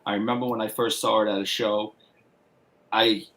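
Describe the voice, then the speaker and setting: A man's voice: lowish voice, little pitch movement, normal speed, fairly bright tone. A man with a Boston accent, a guest telling rambling anecdotes with many restarts in a casual chat. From Massachusetts.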